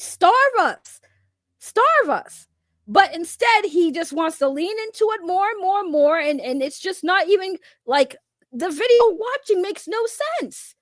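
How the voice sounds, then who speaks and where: A woman's voice: high voice, a bit bright, no echo, studio quality. A woman streamer talking on a casual reaction livestream, reading chat and rambling through loose trash talk that breaks into laughter.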